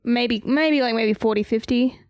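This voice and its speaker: A woman's voice: a little high, normal speed, no room sound, studio quality. A woman co-hosting a podcast from Australia, chatting casually about movies with lots of fillers. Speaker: podcast co-host. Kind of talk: casual chat.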